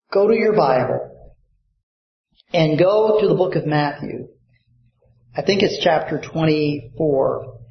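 A male pastor preaching a sermon with impassioned delivery, rising suddenly to loud emphatic peaks and dropping low for quiet points. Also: reverberant, highs cut off.

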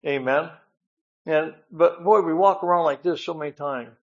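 A man's voice: on the high side, moderate pace, highs cut off. Man preaching a folksy sermon, "amen" often. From northern United States. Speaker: guest preacher. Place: church.

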